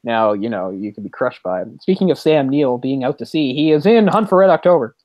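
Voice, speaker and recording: Male podcast host, rambling and animated, mid-pitched, dry close mic. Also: no room sound. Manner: rambling, animated, quick laughs. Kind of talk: casual movie chat.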